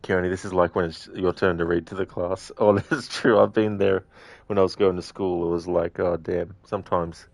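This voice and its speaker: A man's voice: low-pitched, little pitch movement, moderate pace, gravelly, no echo. A young man streaming a video game, chatting with viewers and reading chat in a giggly, chatty way. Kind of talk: live gameplay stream chat.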